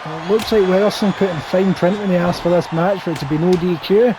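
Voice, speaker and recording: A man's voice: sits high, fairly even intonation, fairly quick, noisy background. A man doing play-by-play commentary over a wrestling video game, with wry, teasing banter.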